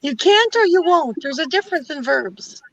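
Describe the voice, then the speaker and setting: A woman on a video call, teasing the others with quick comebacks. Her voice sits very high and moves a lot, and the dull, muffled sound of her call comes through. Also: animated. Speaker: co-host. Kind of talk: casual group video chat.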